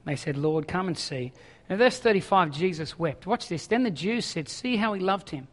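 Male pastor, sermon, high-pitched voice, long reverb from a large hall, moves between reading scripture and pressing paraphrase. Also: animated, normal speed. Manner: reads scripture aloud, then paraphrases it in an urgent, conversational voice.

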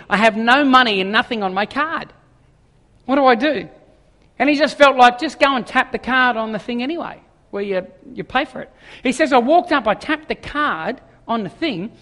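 A man preaches at a brisk clip, acting out the people in his story as he goes. His voice rings out with a long reverb, as if spoken in a large hall. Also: extremely high pitch, fairly bright tone. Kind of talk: sermon.

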